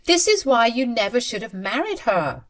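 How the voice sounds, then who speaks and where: Brief: woman voicing a manipulative young mistress in a story reading, pitched up, shrill and accusing. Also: big pitch swings, moderate pace. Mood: indignant.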